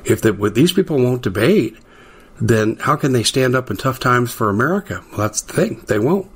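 A middle-aged man hosting a talk radio show, delivering an emphatic, indignant political monologue that climbs in pitch to stress key words. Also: expressive, moderate pace, husky.

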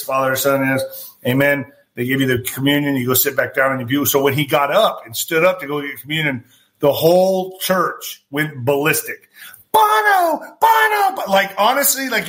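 A man hosting a podcast, telling a story casually and acting out the dialogue, with frequent swearing. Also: on the high side. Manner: animated, swears freely, acts out quoted dialogue. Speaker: podcast host.

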